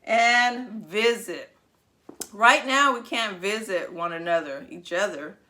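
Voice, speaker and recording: Bright-voiced woman teaching little kids. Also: mid-range voice, slight background noise. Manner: animated, drawn-out sing-song teacher talk; coaxing, praising, asks children to repeat words. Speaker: preschool teacher. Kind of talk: teaching young children by video.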